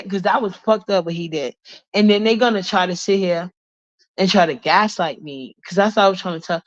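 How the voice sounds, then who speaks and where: A woman with a bad cold vents angrily and profanely in a heated live-stream rant, repeating herself to defend her point. She's on a phone with the camera off, and her low-sided voice comes through in dull lo-fi stream audio with no echo.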